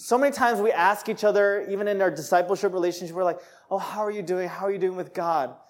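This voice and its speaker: A young man preaching a sermon, telling a personal story with laughter and rising to joyful shouts. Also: high voice, fast talker. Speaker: pastor.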